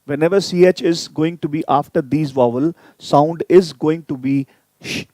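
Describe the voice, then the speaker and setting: A man teaching German in a live online lesson, repeating each sound slowly so viewers can copy it and inviting them to type in questions. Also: on the high side, mellow, dry recording. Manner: addresses viewers directly, inviting typed questions.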